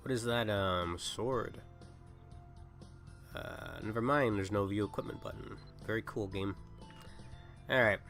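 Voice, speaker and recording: A man's voice: on the low side, unhurried, pauses often, fairly bright tone, faint music behind. A young man who is sick, chatting casually and rambling while livestreaming a game. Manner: rambling, self-interrupting. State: sick, coughing. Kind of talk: casual gaming livestream chat.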